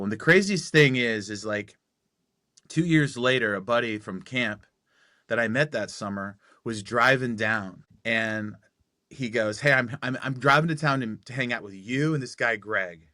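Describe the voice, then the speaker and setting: Podcast guest, man in his forties, lively storyteller who acts out every line of dialogue, bright edge to the voice. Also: lowish voice, dry recording, studio quality. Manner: animated storyteller acting out quoted dialogue.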